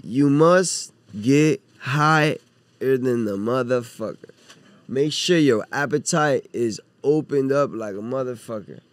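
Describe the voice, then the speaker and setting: A man's voice: mid-range voice, takes it slowly, no echo. A man from Cuba, a podcast guest in casual chat, loose and slangy with plenty of swearing.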